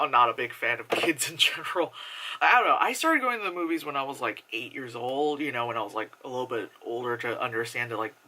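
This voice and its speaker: Bright voice, casual cursing vlogger rambling through a movie review. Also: mid-range voice. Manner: rambling, profane, lots of "like" fillers.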